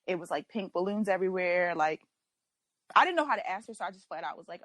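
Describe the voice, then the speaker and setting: A young woman chats on a podcast. She tells animated stories and acts out her own quotes. The sound is dry and close, with little room in it. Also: medium pitch, fast talker, dry recording. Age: young adult. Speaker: podcast co-host. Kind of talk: casual chat.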